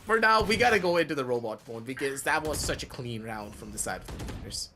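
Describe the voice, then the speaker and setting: A male esports caster calls a live match over a voice call. He is excitable and bursts into shouts at big plays. A faint noise sits under his voice. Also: medium pitch, fast talker. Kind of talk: live game commentary. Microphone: headset over voice call.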